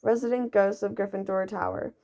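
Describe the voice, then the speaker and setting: Woman reading as a courtly old ghost gentleman. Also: medium pitch, steady tone, a little fast, close to an everyday voice. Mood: wistful. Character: centuries-old male ghost, courtly and wistful. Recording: dull lo-fi recording.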